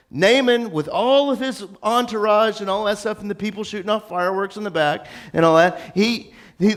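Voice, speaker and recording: A male pastor preaching a sermon, retelling the story in an animated, joking, conversational way. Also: sits high.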